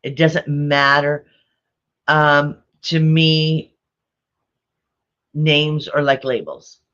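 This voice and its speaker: A woman's voice: low-pitched, extremely slow, a bit bright, highs cut off. A woman vlogger telling a rambling family story, repeating herself and chuckling often. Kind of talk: casual storytelling.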